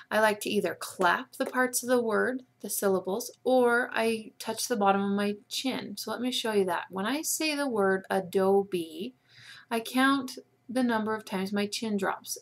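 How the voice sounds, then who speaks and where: A woman teacher giving a patient spelling lesson to students over a webcam, slowly sounding out letters and syllables. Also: mid-range voice. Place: room with a whiteboard. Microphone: webcam microphone.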